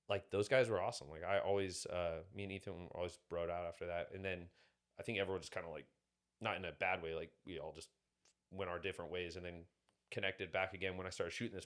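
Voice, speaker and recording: This podcast guest talks a little fast, his low voice coming through with a clean tone. He meanders through anecdotes in a relaxed way, leaning heavily on fillers.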